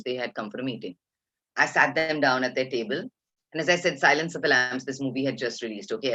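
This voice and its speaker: Indian English woman in her fifties, vivid storyteller, dull lo-fi webinar sound. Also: very deep voice. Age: 50s. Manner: lively storyteller, acts out quotes, laughs often. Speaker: guest speaker. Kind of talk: animated anecdote telling.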